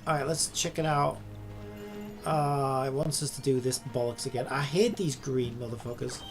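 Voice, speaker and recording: A man's voice: medium pitch, fairly even intonation, moderate pace, over music. A man streaming a game live, casually commenting, swearing and grumbling to himself as he plays.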